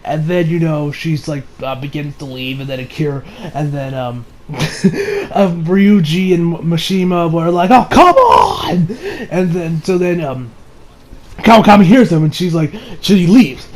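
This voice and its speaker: A man's voice: on the high side, a little slow, darkish tone. Rambling young man reviewing anime. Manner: rambling, laughs often, many fillers. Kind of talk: casual spoken review.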